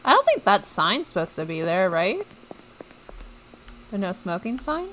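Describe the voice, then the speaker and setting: A woman's voice: medium pitch, very animated, measured pace, a bit bright, slight background noise, rough recording. A young woman streaming a game, chatting to her viewers and reacting jumpily as she plays. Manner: chatty, jumpy, talks to viewers while playing. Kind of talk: let's play commentary.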